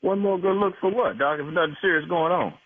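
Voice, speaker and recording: A man's voice: high-pitched, quick pace, slightly rough, dry recording. A man on a prank call, indignantly defending his wife and repeating the caller's words back in disbelief. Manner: indignant, protective, repeats phrases back angrily. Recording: tinny phone line.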